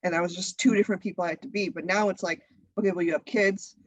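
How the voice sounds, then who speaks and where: Woman guest on a podcast, chatty and animated, laughs a lot, dry close mic. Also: lowish voice, quick pace, no room sound, poor audio. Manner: chatty, lively, laughs often. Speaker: guest, content creator. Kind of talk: casual interview chat.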